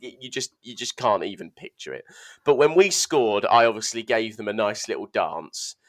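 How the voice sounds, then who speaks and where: A young man co-hosting a casual podcast chat, telling animated, self-mocking stories and stumbling over his words. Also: on the low side, normal speed. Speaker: podcast co-host.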